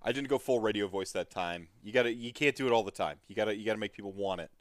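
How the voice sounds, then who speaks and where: A man with a lowish voice hosts a casual hobby podcast, talking fast and rambling in a friendly, upbeat way. He uses lots of filler words and laughs often, and the recording has no echo.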